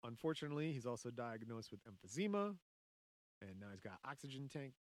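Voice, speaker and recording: A man's voice: medium pitch, animated, brisk, dry recording. A man hosting a podcast, telling a story in casual chat, joking and laughing often.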